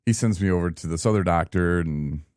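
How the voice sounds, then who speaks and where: A man in his thirties from Michigan, telling his own story in a casual, animated podcast chat and acting out what people said. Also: sits low, a little fast, no echo, clean studio sound. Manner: animated, laughing, acts out quoted people. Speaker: podcast guest.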